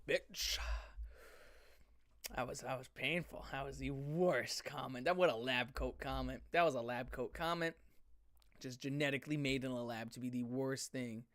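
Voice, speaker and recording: A man's voice: medium pitch, lively intonation, brisk, fairly bright tone, dry recording. A man ranting on a live stream, rambling and swearing heavily, often restarting his sentences. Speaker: streamer reacting to chat. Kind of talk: profane live-stream rant.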